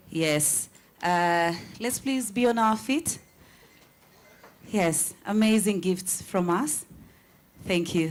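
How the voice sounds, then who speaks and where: A woman acting as master of ceremonies, giving chatty, joking directions to delegates. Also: on the low side. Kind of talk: event announcements.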